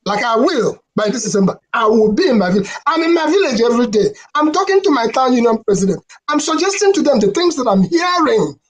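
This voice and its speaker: A woman's voice: fairly high pitch, very animated, fairly quick, hardly any pauses, low-quality recording. A woman hosting a call-in radio discussion, earnest and appealing, mixing Igbo into her English.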